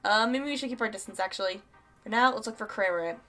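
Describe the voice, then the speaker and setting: A woman streamer giving chatty let's-play commentary as she plays, reacting out loud. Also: mid-range voice, quick pace, faint music behind. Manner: chatty, reacts out loud while reading the game's lines.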